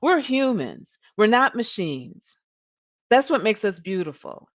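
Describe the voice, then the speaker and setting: A woman's voice: mid-range voice, very animated, slow pace, lo-fi sound. A woman coach hosting a live-streamed coaching talk, earnest, often repeating words and saying "you know". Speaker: leadership coach and host.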